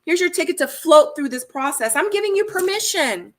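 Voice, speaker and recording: A woman's voice: extremely high pitch, animated, a little fast, fairly bright tone, slight background noise, pitched above the performer's own voice. A woman voicing a young woman who coaxes her boyfriend, speaking in a sing-song, repetitive way. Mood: coaxing.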